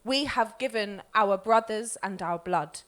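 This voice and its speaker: A woman who co-founded the group, reading poems aloud at a live event with measured, expressive delivery. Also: mid-range voice.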